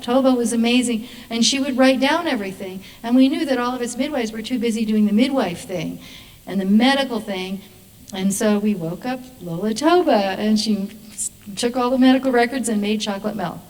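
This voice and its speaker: Midwife lady telling stories on stage, fairly high voice, animated, mic a bit far off. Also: a little fast. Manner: animated, acts out voices in her stories, laughs. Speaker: midwife giving a talk. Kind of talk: storytelling presentation to an audience. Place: performing arts hall stage.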